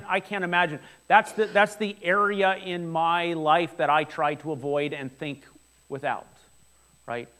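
A man in his forties delivers a sermon with a fairly high voice. He speaks earnestly and conversationally, often turning to the congregation with questions. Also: fairly bright tone. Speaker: pastor. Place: church hall before a congregation.

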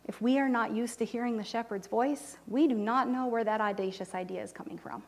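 A woman telling a mission story in a sermon, animated and emotional, dropping to near-whispers when moved. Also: a little high, a little fast, creaky. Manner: animated storytelling, voices quoted people, drops to soft near-whispers; emotional, close to tears. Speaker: church speaker reporting on mission trip. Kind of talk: sermon testimony.

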